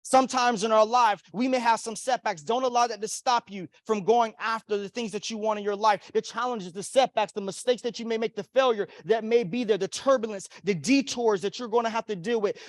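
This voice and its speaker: A young man with a high voice delivers a motivational keynote in a hotel ballroom. He speaks emphatically, repeating phrases and leading call-and-response. The sound is close and dry. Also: brisk, few pauses, no echo. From Florida. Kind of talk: keynote speech to a conference audience.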